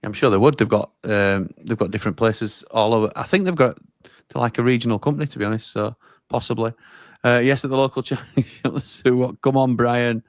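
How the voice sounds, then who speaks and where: A man co-hosting a live football stream in a relaxed, chatty way, reading viewer comments aloud and answering them. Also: medium pitch, fairly quick, no room sound, studio quality. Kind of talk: casual live-stream chat.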